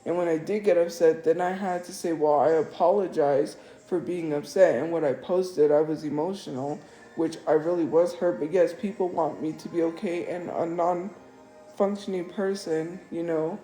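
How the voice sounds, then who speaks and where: A woman with a lowish, steady, mellow voice speaks at normal speed on a live stream, sounding upset and defensive and repeating herself in an emotional monologue. The room echoes and faint music plays in the background.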